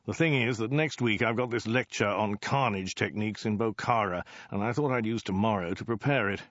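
A man's voice: fairly low pitch, brisk, a bit bright, dry recording, highs cut off, lightly acted. Man putting on a dithering self-absorbed warlord. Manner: vague, rambling excuses with mild hesitations.

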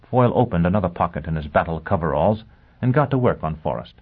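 Male audiobook narrator, steady delivery, fairly low voice, dull lo-fi audio. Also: quick pace, husky. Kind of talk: scripted narration.

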